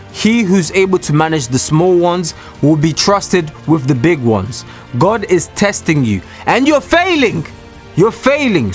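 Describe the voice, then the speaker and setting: Emphatic man preaching to camera. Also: on the high side. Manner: emphatic and repetitive, addressing viewers directly. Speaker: Christian motivational speaker. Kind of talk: preachy motivational talk to camera. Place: small room, alone.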